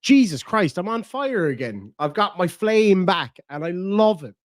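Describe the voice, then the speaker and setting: An Irish live-stream host reacts to clips, mocking a rival with profane, joking banter in casual commentary. His voice sits high with big pitch swings and an unhurried pace, in echo-free studio-quality sound.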